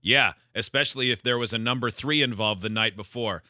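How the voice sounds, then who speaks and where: A man's voice: medium pitch, a little fast, sharp tone, no room sound, studio quality. A man hosting a radio talk show, joking and reading listener texts in casual chat. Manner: jokey, leads the discussion and reads listener texts.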